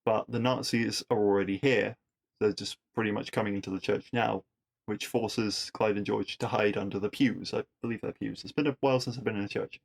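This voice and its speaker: A man's voice: lowish voice, fairly even intonation, brisk, creaky. A man hosting a podcast, casually recapping a TV episode with wry asides and rhetorical questions.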